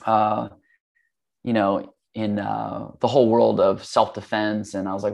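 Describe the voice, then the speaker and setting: Gravelly low-voiced man telling stories. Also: moderate pace. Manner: relaxed, rambling, with many fillers and restarts. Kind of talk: casual storytelling.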